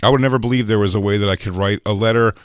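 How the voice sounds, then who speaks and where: Fast-talking low-voiced man. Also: fairly even intonation. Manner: fast rambling anecdotes, quoting people. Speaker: podcast co-host. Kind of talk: casual chat.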